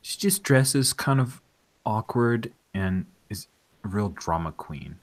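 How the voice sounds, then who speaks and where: A man's voice: fairly low pitch, expressive, takes it slowly. A man voicing a young female college student calling a radio show with complaints. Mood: complaining.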